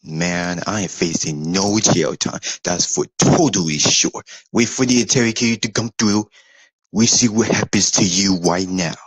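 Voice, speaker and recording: A man's voice: deep voice, moderate pace, husky, no echo, rough recording. A man doing a comedic parody role-play, with slangy, joking delivery. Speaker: parody video voice actor.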